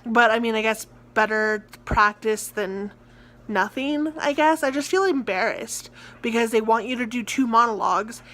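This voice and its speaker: A woman's voice: fairly high pitch, moderate pace, a bit bright. A young American woman, a theatre student, ranting in a rambling casual vlog full of filler words. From United States. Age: young adult. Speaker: college theatre student vlogger.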